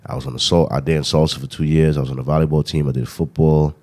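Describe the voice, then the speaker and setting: Fast-talking Brooklyn man with a New York accent. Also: extremely low pitch. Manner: animated storyteller, swears a lot, keeps asking "you know what I mean". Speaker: podcast host. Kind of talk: casual chat.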